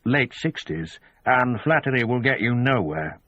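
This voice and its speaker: A man's voice: medium pitch, expressive, unhurried, a bit bright, no room sound. A man voicing a guarded woman detective. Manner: guarded, dry replies. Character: female detective, guarded and dry-witted. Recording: dull lo-fi audio.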